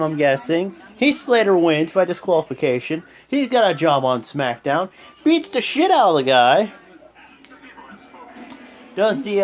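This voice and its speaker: A young man giving a rambling, casual video recap of a wrestling show at home, full of fillers. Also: on the high side. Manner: rambling, animated, lots of fillers. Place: home room with a TV.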